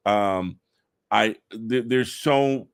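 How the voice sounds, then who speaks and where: A middle-aged man chatting excitedly in an interview, telling stories fast with stammered restarts. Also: fairly low pitch, clear, resonant tone, dry recording, studio quality. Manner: enthusiastic, rapid storytelling with stammered restarts. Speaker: comic book writer guest. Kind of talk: excited podcast interview chat.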